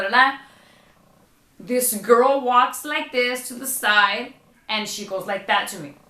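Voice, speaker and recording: A young woman recounts a story for her vlog, chatty and animated, leaning on fillers. Her voice sits a little high and sounds bright. The room around her gives it a clear echo. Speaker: vlogger.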